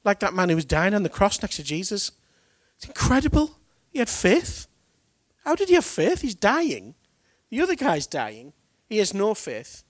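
A man delivers a lively sermon in a fairly high voice. He is chatty and colloquial, and he acts out the lines of the people in the stories. The sound is dry and close. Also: measured pace, no room sound. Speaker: preacher. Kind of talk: animated sermon.

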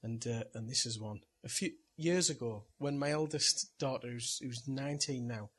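A man's voice: mid-range voice, moderate pace, a bit bright, husky. A middle-aged man, a pastor, telling a funny family story in a chatty sermon and laughing at it as he goes. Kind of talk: sermon with personal anecdote.

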